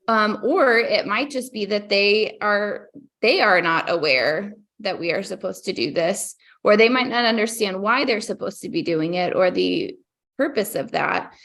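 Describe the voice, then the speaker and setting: Woman, creaky voice, podcast guest, measured and thoughtful. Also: medium pitch, a bit bright. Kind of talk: casual podcast chat.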